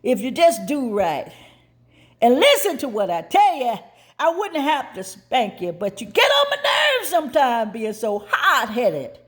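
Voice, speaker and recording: A woman's voice: high voice, very animated, a little slow, a little mellow. A woman voicing a stern old-time mother scolding her child in a folksy, firm way. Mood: lecturing.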